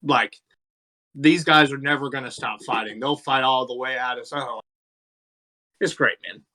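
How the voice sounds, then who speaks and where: Bright-voiced man talking wrestling. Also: medium pitch, steady tone, moderate pace. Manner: laid-back, swears freely, lots of likes and ums. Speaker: podcast co-host. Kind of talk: casual wrestling chat.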